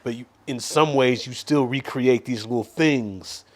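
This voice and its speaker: Guy thinking out loud on a chat show, mid-range voice, keeps restarting and reaching for comparisons. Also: mid-range voice, measured pace. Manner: reflective, explains with homespun comparisons, many restarts. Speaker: comedian and show regular. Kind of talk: casual green-room chat.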